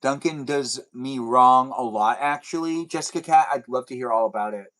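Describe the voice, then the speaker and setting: A young livestream host with a medium-pitched, slightly bright voice speaks at a moderate pace, chatting casually through viewer comments. He jokes and rambles with self-deprecating humor, and the audio is poor.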